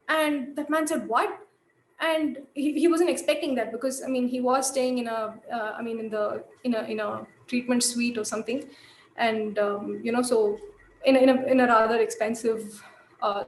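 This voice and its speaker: Woman lecturing in an echoey room. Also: fairly high pitch. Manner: thoughtful, many fillers and restarts. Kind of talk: lecture storytelling.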